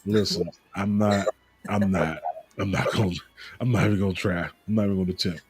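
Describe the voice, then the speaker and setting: A man's voice: sits low, fairly even intonation, brisk, darkish tone, husky. A man hosting a casual wrestling talk show, joking and laughing at his own stumbles over names. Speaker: podcast host.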